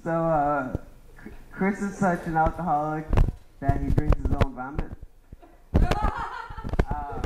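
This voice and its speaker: A man's voice: a little high, takes it slowly, pauses often, echoey room, slight background noise, poor audio. A young man doing a rambling stand-up roast of his friends, laughing at his own jokes. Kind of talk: open-mic roast set.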